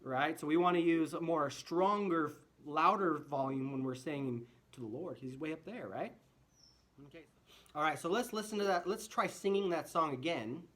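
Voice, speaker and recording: A man's voice: fairly high pitch, normal speed, fairly bright tone. A man teaching a children's music lesson, friendly and full of rhetorical questions, singing short phrases to demonstrate.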